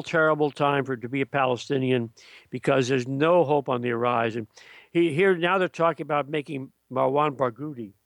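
A man's voice: medium pitch, no echo. A man giving blunt, scornful political commentary as an interview guest, often restarting his sentences.

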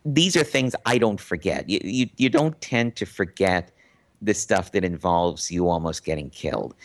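A man recounting a personal story as an interview guest, animated and full of restarts and repeated words. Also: low voice, moderate pace. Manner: animated, acts out quotes in a raised voice; frequent restarts and stammered repeats. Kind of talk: casual storytelling.

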